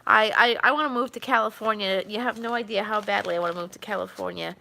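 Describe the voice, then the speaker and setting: A woman's voice: medium pitch, fast talker, creaky, pushed and bright. A woman chatting casually on a live stream, rambling with many fillers and restarts. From New York.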